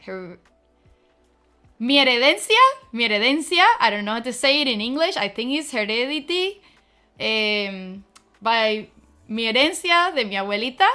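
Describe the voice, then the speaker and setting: A woman streamer chats quickly and casually, her sentences strung together with "like". Her voice is bright and slightly high. Faint music plays behind her. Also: animated, clean tone. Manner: fast-talking, full of "like" fillers. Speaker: streamer debuting a virtual avatar. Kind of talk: casual chat.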